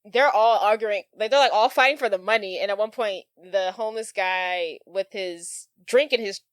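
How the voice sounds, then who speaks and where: Woman podcast co-host, chatty plot recap, mid pitch, dry close mic. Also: moderate pace, dry recording. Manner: chatty retelling with laughs and quoted voices. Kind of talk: casual movie recap chat.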